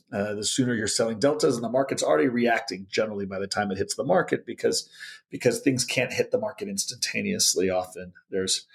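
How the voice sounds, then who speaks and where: Male podcast guest, gravelly, thinks aloud with fillers, remote call. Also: lowish voice. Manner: thoughtful, many fillers and restarts. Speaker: options volatility guest. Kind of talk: interview answer on markets.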